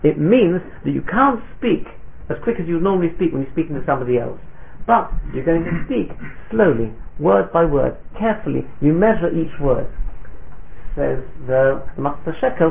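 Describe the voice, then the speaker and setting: Man, Talmud lecturer, explains texts and translates, gravelly voice, phone-line sound. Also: fairly high pitch, big pitch swings, normal speed. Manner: explains texts in Hebrew and Aramaic, then translates; asks the class "Yes?". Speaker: Torah teacher.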